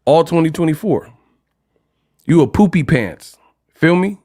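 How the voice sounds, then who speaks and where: Animated slangy male streamer. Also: fairly high pitch, unhurried. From California. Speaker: host. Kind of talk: casual livestream rant.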